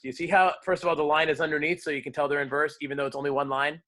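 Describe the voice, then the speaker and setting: A man teaching a class on verse, lively, explaining and quizzing his students. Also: on the high side, rapid-fire. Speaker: drama teacher. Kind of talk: classroom lecture.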